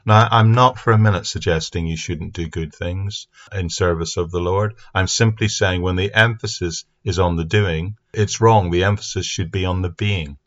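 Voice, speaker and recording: A man giving an earnest, steady Bible teaching talk into a microphone for an online audience. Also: deep voice, moderate pace, few pauses. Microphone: speaking into a mic. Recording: dull lo-fi sound.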